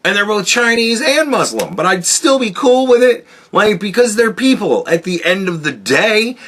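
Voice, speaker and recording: A brash young man on his podcast, talking in a slightly high voice. He rants bluntly, swears constantly and laughs at his own jokes. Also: big pitch swings, normal speed, fairly bright tone. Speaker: podcast host. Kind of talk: profane political rant.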